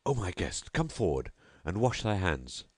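A man's voice: low voice, sing-song, measured pace, husky, no echo, clean studio sound, heavily acted. A man voicing a lavish, mocking nobleman host who presses his guest with grand, insistent hospitality. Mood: grandly insistent.

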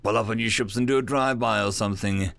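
A man's voice: medium pitch, big pitch swings, normal speed, fairly bright tone, no echo, pitched above the performer's own voice. A man doing a brash drawling space miner. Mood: joking. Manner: folksy, joking, rural slang.

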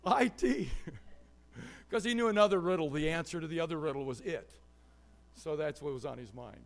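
A male pastor giving a sermon, telling stories with lively swings between loud and soft delivery. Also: a little high, vocal fry. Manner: animated storytelling with quick shifts in volume. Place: church.

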